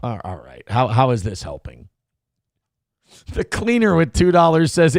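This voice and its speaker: A man's voice: sits high, sing-song, moderate pace, clear, resonant tone, dry recording, clean studio sound. A man hosting a live-streamed commentary show, rambling and joking crudely while reading out chat comments. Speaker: host.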